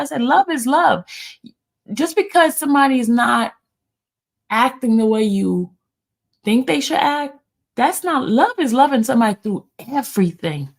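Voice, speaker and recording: A woman's voice: fairly high pitch, gravelly. A middle-aged woman hosting a casual, emotional chat, talking straight to her viewers as "y'all.". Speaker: livestream host.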